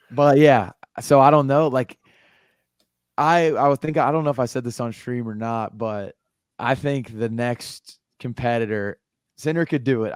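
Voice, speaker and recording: A man's voice: medium pitch, clear, resonant tone, dry recording, clean studio sound. A young American man co-hosting a podcast in casual chat, easygoing and joking, trailing off and restarting often. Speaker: podcast co-host.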